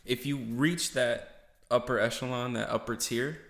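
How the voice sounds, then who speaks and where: A man hosting a podcast in casual chat, relaxed and slangy as he walks through music. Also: mid-range voice, normal speed, creaky. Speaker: podcast host. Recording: echoey room.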